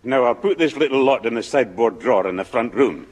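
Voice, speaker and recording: A man's voice: mid-range voice, animated, fast talker, big-room sound, lightly acted. An actor playing a fussy, distracted older grandfather in a 1960s radio sitcom.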